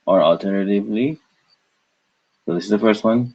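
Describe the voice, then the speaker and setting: A man's voice: on the low side, fairly quick, darkish tone, husky, dull audio. A man teaching a language lesson, patiently breaking words into syllables and repeating them.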